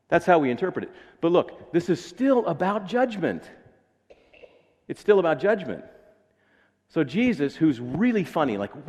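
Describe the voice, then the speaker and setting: A man's voice: a little high, a little mellow, big-room sound. A man with an American accent preaching a sermon in a casual, joking way, acting out little voices. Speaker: pastor. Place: church sanctuary.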